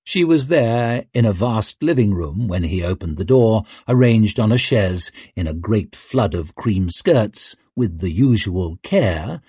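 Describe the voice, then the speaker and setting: Guy narrating an audiobook real slow, lots of ups and downs in his voice. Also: lowish voice, breathy edge, no room sound. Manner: measured, expressive storytelling. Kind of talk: scripted narration.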